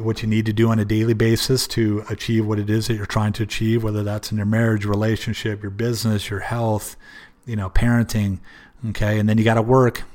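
Low, flat-voiced man hosting a podcast. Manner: earnest, repetitive, with many restarts; religious, speaks of prayer. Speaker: podcast host. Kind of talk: solo motivational podcast talk.

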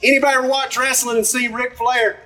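A man's voice: very high-pitched, flat delivery, fast talker, bright, forceful tone, recorded from a distance, poor audio. A man from Alabama, preaching a sermon as pastor and talking to the congregation in a conversational way. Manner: conversational, asks the congregation questions.

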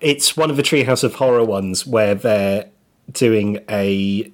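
A man's voice: lowish voice, steady tone, unhurried. A man co-hosting a podcast, chatting casually and laughing easily as he tells stories. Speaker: podcast co-host. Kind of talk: casual chat.

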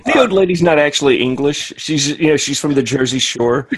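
A man's voice: on the high side, lively intonation, brisk, breathy edge. A man co-hosting a podcast, joking along in casual chat. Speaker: podcast co-host.

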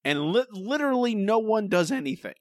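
A man chats casually as a podcast co-host, his pitch swooping up and down as he recaps. He restarts his sentences often and keeps calling his partner by name. The sound is close and dry. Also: brisk, no room sound. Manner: animated, rambling with restarts, addresses co-host by name.

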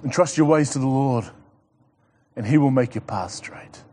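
A man's voice: medium pitch, moderate pace, mellow. A male pastor preaching a sermon, repeating his key points, asking the congregation questions and building to urgent exhortation.

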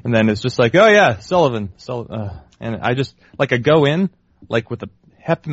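Young male co-host, dry wry banter, mid-pitched, dead-dry and a bit dull in tone. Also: moderate pace, no echo. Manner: dry, wry, rambling riffs. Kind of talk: casual banter.

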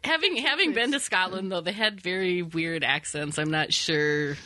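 A woman's voice: fairly low pitch, normal speed, pushed and bright, a little hiss or hum. A woman hosting a podcast, chatting casually about a film with a giggly, rambling manner. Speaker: podcast host.

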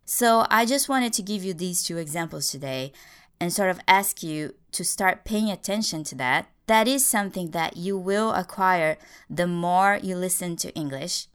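A woman's voice: on the low side, moderate pace, fairly bright tone, smooth. A woman hosting a podcast English lesson, explaining grammar with little acted stories, speaking English as a Portuguese speaker. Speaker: English teacher, podcast host.

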